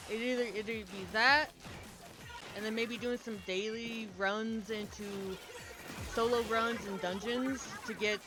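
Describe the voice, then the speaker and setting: A young woman streamer chatting casually to her viewers, candid and rambling, often laughing and swearing. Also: on the high side. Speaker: game streamer.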